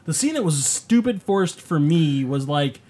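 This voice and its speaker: A young man riffs through a casual movie chat, swearing freely and acting out scenes as he goes. His voice sits a bit high for a man. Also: unhurried. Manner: rambling, profane, animated mimicry. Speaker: podcast co-host.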